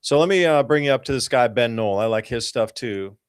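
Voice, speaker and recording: Male talk-show host, mid-pitched, emphatic and rambling, dry close mic. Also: fairly quick, smooth, dry recording. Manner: excited, emphatic, rambling with restarts. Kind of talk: casual talk-show commentary on weather charts.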